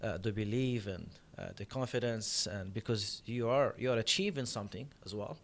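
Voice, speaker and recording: Low-voiced halting podcast host. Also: male voice, slight background noise. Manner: hesitant, many uh fillers, halting phrasing. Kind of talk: podcast interview.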